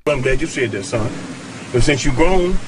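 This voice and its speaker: A man putting on a gruff, fed-up father who bluntly brushes off his grown son. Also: medium pitch, animated, moderate pace, background noise, natural voice. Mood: dismissive. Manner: blunt, dismissive.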